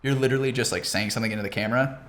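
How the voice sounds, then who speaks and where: A man's voice: medium pitch, a bit bright. Young man ranting on a podcast. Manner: profane, ranting, fast tangents. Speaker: podcast co-host. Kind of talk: casual chat. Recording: echoey room, faint noise.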